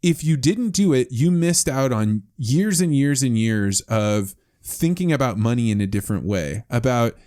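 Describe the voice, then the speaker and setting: A man hosting a podcast interview, telling stories in an animated, conversational way. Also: medium pitch, moderate pace, few pauses. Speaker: podcast host.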